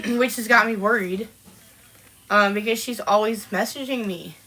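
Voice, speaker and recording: A woman's voice: medium pitch, steady tone, a little slow, pushed and bright, poor audio. A woman in her forties from Washington State, hosting a live-streamed podcast and chatting casually as she greets viewers by name and laughs often. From Washington State, USA. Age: 40s. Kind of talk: casual chat reading out live comments.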